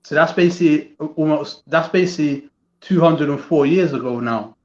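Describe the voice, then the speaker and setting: A man talks over a video call, his voice a touch high for a man. He hesitates, with fillers and repeated words as he works out his point. The audio is muffled and echoes as if in a bare room. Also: normal speed. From England. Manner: hesitant, many restarts and fillers. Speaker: guest. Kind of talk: casual chat.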